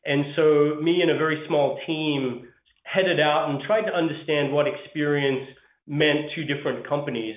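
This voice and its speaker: A man with an Australian accent, a guest answering interview questions in a measured way with frequent pauses. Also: a little high. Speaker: guest, HR leader. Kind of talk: podcast interview. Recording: echoey phone-like line.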